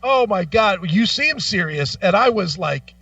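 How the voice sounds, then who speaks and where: A man co-hosting a radio talk show, telling stories with lots of profanity in a lively, animated way. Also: sits high, a little slow, no room sound, far from the mic, muffled recording. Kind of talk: casual chat. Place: radio studio.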